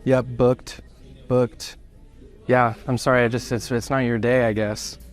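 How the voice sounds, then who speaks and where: A man's voice: mid-range voice, level tone, measured pace, soft background music, close to an everyday voice. A man playing a condescending, sarcastic restaurant host in a comedy skit. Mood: snide. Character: smug rude male restaurant host. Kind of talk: skit acting.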